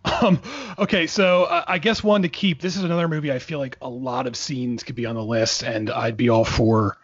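Male podcast co-host, hesitant casual chat; husky voice, dry sound. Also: medium pitch, fairly even intonation, fairly quick, dry recording, highs cut off. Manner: hesitant, many fillers.

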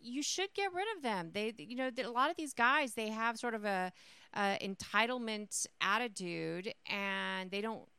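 A woman's voice: on the high side, moderate pace, sharp tone, clean tone, no echo. A woman co-hosting sports talk radio, blunt and playfully teasing. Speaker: radio co-host.

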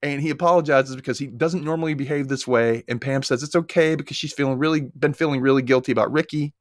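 A man hosting a podcast, casually recapping a TV episode with animated storytelling and casual swearing. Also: medium pitch, fast talker, dry recording, studio quality. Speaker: podcast host.

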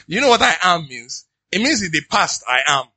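A pastor preaches with a bright, slightly husky voice pitched a little high. He reads scripture aloud, then bursts into animated asides to his congregation. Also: normal speed. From Nigeria. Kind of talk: sermon.

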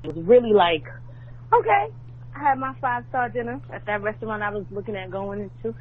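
A woman's voice: mid-range voice, fast talker. Brash New woman on a voicemail. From New York. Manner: brash, profane storytelling. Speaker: caller. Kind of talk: voicemail message. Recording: tinny phone line, faint hum.

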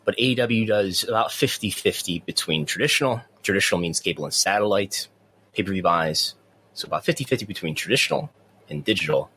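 A man with a very low voice hosts a casual wrestling news chat. He often trips over the start of his sentences and repeats words before he finds his point. A faint noise sits behind him. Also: a bit bright, poor audio. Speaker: wrestling podcast host.

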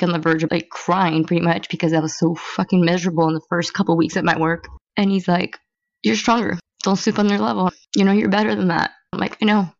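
A woman hosting a podcast talks through her feelings in a candid, blunt, emotional monologue, swearing freely. Her voice is medium-pitched and gravelly, and the audio sounds dull.

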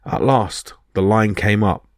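Man, storyteller, low voice, dry close sound, expressive reading. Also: measured pace, no echo. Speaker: podcast storyteller. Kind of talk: storytelling narration of myths.

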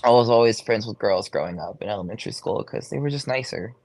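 A man's voice: on the low side, animated, fast, a little mellow, no echo. A young man, a go-go dancer, talking casually in an interview, chatty, swearing freely and saying "like" a lot. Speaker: guest, go-go dancer.

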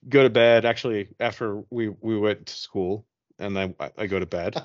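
A man's voice: lowish voice, moderate pace, dry recording, lo-fi sound. A man on a podcast casually telling a ghost story, profane and rambling, acting out his own reactions. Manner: profane, rambling, animated retelling.

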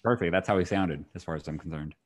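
A man's voice: deep voice, fast talker, a little hiss or hum. A young man co-hosting a casual podcast, dry and wisecracking. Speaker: podcast co-host.

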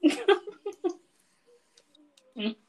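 A woman's voice: very high-pitched, very animated, very slow, rough recording. A woman co-hosting a podcast in casual chat, laid-back and joking. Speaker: podcast co-host. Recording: faint background noise.

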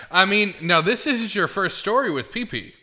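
A man's voice: high voice, lively intonation, normal speed, heavy background noise. A man hosting a podcast in casual chat, full of crude jokes and teasing banter. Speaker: podcast host.

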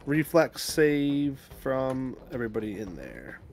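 Unhurried man running a tabletop game. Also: mid-range voice, big pitch swings, a little mellow, a little hiss or hum. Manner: matter-of-fact rules calls, laughing asides. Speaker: game master.

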